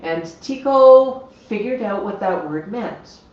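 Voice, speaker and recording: Slow and lively in intonation, this woman's mid-range voice carries a casual livestream about her parrots, whom she addresses while explaining their habits. She's in a home room with the birds, and the recording has an echoey, somewhat dull lo-fi quality.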